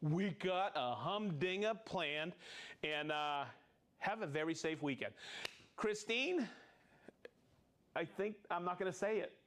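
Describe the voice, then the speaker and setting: A man's voice: high voice, expressive, slow pace, pauses often, a bit bright. A man hosting a live product show in casual chat, jovial and chatty, reading out viewer names and laughing often.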